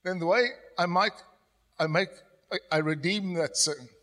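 Male pastor, middle-aged, sermon, higher-pitched voice, long hall reverb. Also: normal speed. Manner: storytelling, drops to a soft confessional tone when quoting himself. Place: church hall.

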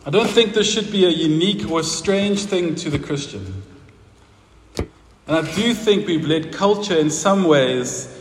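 In a roomy church hall with long reverb and faint noise, a pastor preaches at a measured pace in a slightly high voice. He keeps it conversational, asking the congregation questions and laughing at his own stories.

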